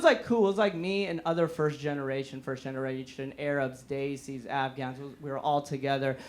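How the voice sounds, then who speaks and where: High-voiced young man doing stand-up. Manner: animated, laughing between jokes. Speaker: comedian. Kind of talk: stand-up comedy. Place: live comedy room with an audience.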